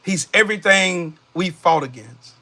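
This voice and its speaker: A man's voice: high-pitched, animated, a little slow, pushed and bright. A man angrily ranting on a live political stream. He talks profanely and mockingly, and often repeats himself and restarts his sentences.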